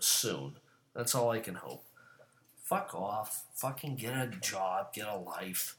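A male host tears into a profane comedic rant, his voice lurching from low mutters up into sharp, furious shouting. His pitch swings wildly throughout the whole delivery. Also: slow pace. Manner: furious, profane, shouting bursts between calm asides.

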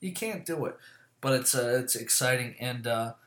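A man talks casually to camera at a mid-range pitch, rambling from one thought to the next and swearing freely. He fills his pauses with "uh" and "um" and often corrects himself mid-sentence. The recording has a noticeably roomy, echoey sound. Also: lively intonation, a bit bright. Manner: rambling, profane, fillers and self-corrections. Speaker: vlogger. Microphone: camera mic. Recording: echoey room.

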